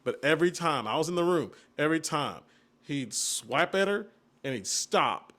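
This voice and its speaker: A man's voice: fairly high pitch, moderate pace. A young man telling family stories in a casual podcast chat, acting out what was said as he goes. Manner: storytelling, animated retellings of family moments. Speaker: podcast co-host.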